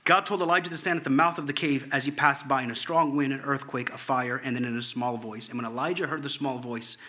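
A man preaching a sermon, reading scripture aloud in an animated way, at times dropping to a hushed tone. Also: mid-range voice, fast. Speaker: pastor.

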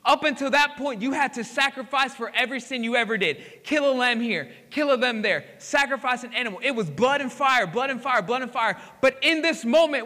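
High bright preacher in a big hall. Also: male voice. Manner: dramatic storytelling, swinging from hushed to emphatic. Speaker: pastor. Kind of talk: sermon. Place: church sanctuary.

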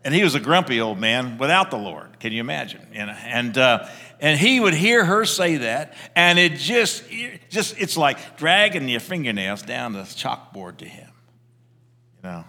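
A male pastor preaches with a lively, swooping delivery and a bright, fairly high voice. He tells his stories loosely and conversationally, often restarting his sentences. The long reverb of a church sanctuary hangs behind him. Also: normal speed. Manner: animated, conversational, with frequent restarts. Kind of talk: sermon with storytelling.

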